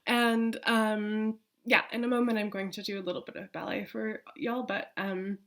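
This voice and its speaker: A woman's voice: medium pitch, flat delivery, normal speed. A woman talking casually to the camera from a room in her apartment, chatty, laughing often and swearing freely. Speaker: vlogger.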